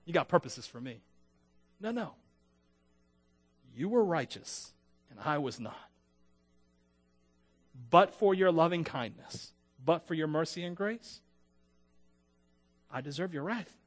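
Male pastor, sermon, high voice, animated, acts out characters, joking asides. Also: takes it slowly, pauses often, soft background music.

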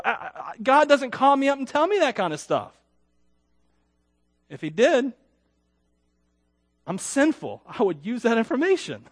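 A high-pitched pastor preaches to his congregation in a chatty, self-deprecating, sing-song way, a little slowly. He swings between loud emphatic words and quiet dropped endings, often asking the people questions. The sound is dry and close, with no room echo.

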